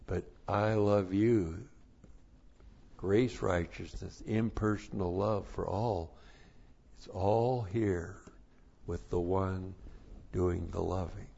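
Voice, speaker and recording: Slow gravelly preacher man. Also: deep voice, fairly even intonation, dark tone, dull audio. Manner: slow, deliberate, numbered points with repetition. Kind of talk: sermon.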